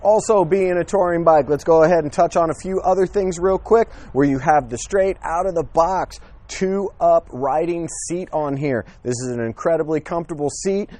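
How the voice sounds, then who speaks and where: A man's voice: a little high, warm tone. A man giving a casual, enthusiastic walkthrough of motorcycles outdoors at a dealership, filming with a handheld camera, chatty with frequent fillers.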